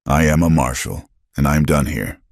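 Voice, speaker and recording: A man's voice: very deep voice, moderate pace, no room sound, studio quality. A man voicing a stern, weary frontier marshal who gives clipped commands.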